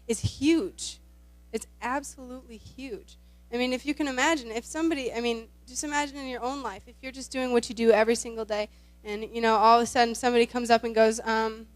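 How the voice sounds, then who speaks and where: A woman's voice: on the high side, fairly even intonation, fairly quick, dry recording. A woman giving an earnest sermon-style talk at a church concert, retelling a story.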